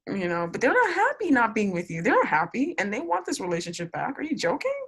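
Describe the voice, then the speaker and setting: A woman's voice: on the high side, huge pitch swings, quick pace, breathy edge. A young woman giving a casual tarot reading, blunt and swearing, repeating words for emphasis. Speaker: tarot reader.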